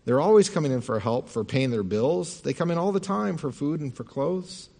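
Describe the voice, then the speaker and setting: A man voicing an outspoken young college woman who talks in a brisk, matter-of-fact way. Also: a little high, expressive, creaky, mellow, big-room sound, pitched above the performer's own voice.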